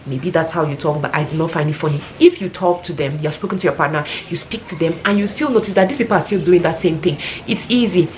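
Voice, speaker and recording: A woman's voice: lowish voice, fast talker, hardly any pauses, a little mellow, slight background noise. A woman talking casually and earnestly, giving rambling advice like a vlogger.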